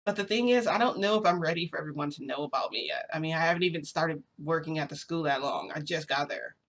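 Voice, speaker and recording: A woman's voice: sits low, quick pace, a bit bright. Woman vlogger, chatty rambling storyteller, casual and unscripted. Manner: chatty, rambling, many fillers.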